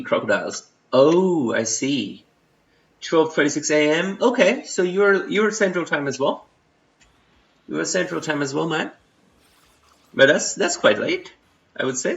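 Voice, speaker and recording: A young man with an Indian accent chats loosely on a live stream at a middling pitch, full of fillers and restarted sentences, and reads the chat aloud. The home stream audio is roomy, slightly dull, and a bit bright.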